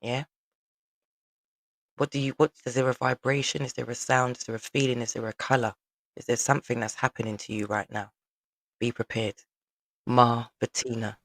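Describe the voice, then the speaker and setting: A man's voice: mid-range voice, flat delivery, normal speed, creaky, long pauses, a bit bright, dry recording, low-quality recording. A man hosting a live online show over a video call, effusive and repeating phrases for emphasis. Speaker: host.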